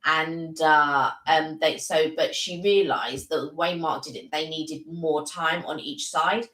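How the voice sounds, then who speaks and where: A woman's voice: low-pitched, fairly even intonation, measured pace, fairly bright tone, reverberant, poor audio. A woman co-hosting a live stream, chatting casually and telling stories. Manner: chatty storyteller, many fillers and restarts.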